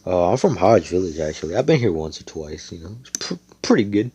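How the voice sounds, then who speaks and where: A man's voice: low-pitched, big pitch swings, brisk, warm tone, slightly rough, no room sound, heavily acted. A man doing a brash cocky young hero. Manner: swaggering, swears freely.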